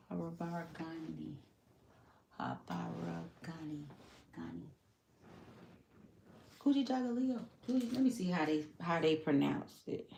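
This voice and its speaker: A woman's voice: fairly low pitch, creaky, noisy background. A woman livestreaming a craft session, chatting casually with viewers as she works. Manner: chatty, talks while working, addresses viewers as y'all.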